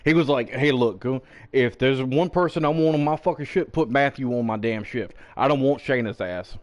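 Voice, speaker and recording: A man's voice: mid-range voice, moderate pace. A man streaming a game, chatting casually as he tells a story, swearing freely and acting out the people he quotes. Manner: profane, animated, acts out quoted people in the story. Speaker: gaming streamer.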